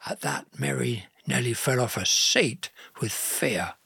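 A man narrating a Bible story in a slow, gentle, earnest reading style. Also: mid-range voice, animated, vocal fry, slightly rough, dry recording, studio quality.

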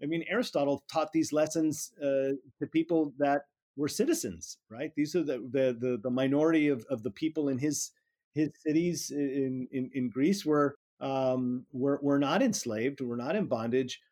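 A middle-aged politics professor works through ideas in an academic interview, often restarting and repeating words as he thinks. His voice is medium-pitched and darkish, at a moderate pace.

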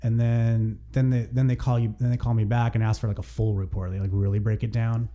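Male podcast co-host, deep mellow tone, loose chatty storyteller. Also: level tone, brisk. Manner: rambling storyteller, frequent "like". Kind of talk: casual chat.

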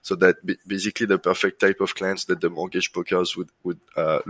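A man with a French accent talks easily as an interview guest. His voice sits fairly low, and he often stops to restart his sentences. The recording is dry and close. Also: fairly quick, no room sound, poor audio. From France. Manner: relaxed, many fillers and restarts. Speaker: guest, lead generation business owner. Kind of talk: casual interview chat.

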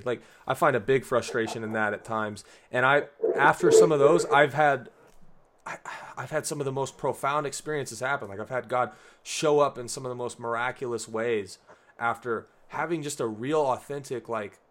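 A young man co-hosting a casual talk about faith, earnest and relaxed, saying "like" often. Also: medium pitch, normal speed. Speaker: podcast co-host.

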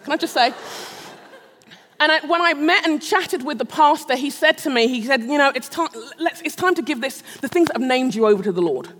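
Preaching at a Christian gathering, a middle-aged woman tells a personal story laced with self-deprecating humor and plenty of laughter. She speaks briskly and expressively in a high, slightly bright voice, with a large hall's long reverb around her.

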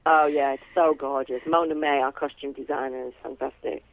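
A woman actress chatting as a guest, warm and chatty with lots of fillers and easy laughs. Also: a bass voice, fairly even intonation, a little fast, dry recording. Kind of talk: casual phone interview. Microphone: telephone. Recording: tinny phone line.

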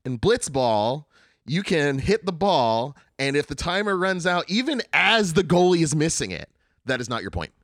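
A man's voice: a little high, moderate pace, no echo, studio quality. A man co-hosting a podcast, casually and animatedly chatting about video games and swearing freely. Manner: animated, swears freely, acts out game lines. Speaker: podcast co-host.

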